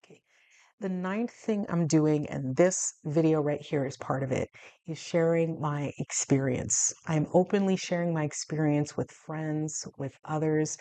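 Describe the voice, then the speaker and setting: Low-voiced woman vlogger, chatty. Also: unhurried, mellow, dry recording. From United States. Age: 40s. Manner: chatty, laughs often, acts out dialogue with big jumps in pitch. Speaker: health vlogger. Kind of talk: casual talk to camera.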